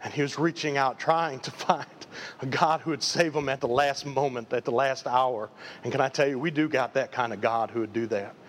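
A man's voice: medium pitch, steady tone, a little fast, a bit bright, a little hiss or hum. A man preaching a live sermon as pastor, emphatic and full of repeated rhetorical questions. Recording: long reverb of a large hall.

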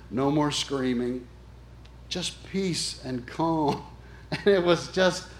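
A man preaching an emphatic storytelling sermon, speaking earnestly and directly to his congregation. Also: fairly high pitch. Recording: echoey room.

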